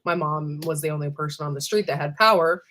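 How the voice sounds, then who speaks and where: A woman's voice: low-pitched, fast, fairly bright tone. A woman hosting a casual livestream, rambling between asides and greeting viewers by name one by one, with plenty of ums and trailing thoughts. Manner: lots of fillers and trailing asides. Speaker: livestream host.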